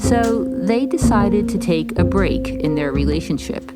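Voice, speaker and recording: A woman host with a low voice reads scripted narration in a measured, even way. Loud music plays under her.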